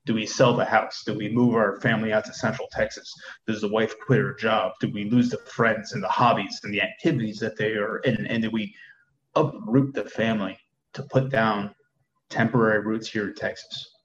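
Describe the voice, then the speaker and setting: Candid low-voiced army man in his thirties, repeats himself as he talks, dull echoey room sound. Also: steady tone, normal speed, fairly bright tone, slight background noise. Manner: candid, repeats words while thinking. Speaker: soldier guest. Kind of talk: casual conversation.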